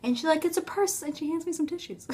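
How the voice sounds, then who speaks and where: A woman's voice: very high-pitched, fast talker, mellow. A young woman talking casually to her phone camera in a rambling, self-mocking vlog, full of fillers. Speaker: vlogger.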